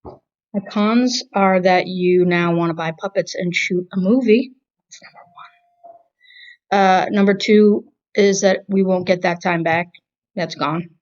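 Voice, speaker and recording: A woman's voice: fairly low pitch, steady tone, a little slow, darkish tone. Wry Boston woman, lo-fi recording. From Massachusetts. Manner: rambling, wry storyteller. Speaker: podcast co-host. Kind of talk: casual movie review chat.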